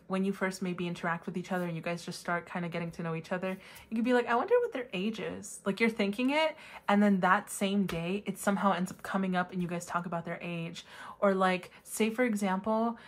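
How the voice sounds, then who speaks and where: A woman giving a casual pick-a-card tarot reading to her viewers, chatty and full of fillers, now and then breaking into high excited squeals. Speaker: tarot reader.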